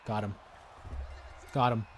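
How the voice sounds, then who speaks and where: A man hosting a live stream, chatting casually and getting excited as he comments on a wrestling video game. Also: on the low side, slow, slight background noise. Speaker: gaming livestream host. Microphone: desk microphone with headphones listeners.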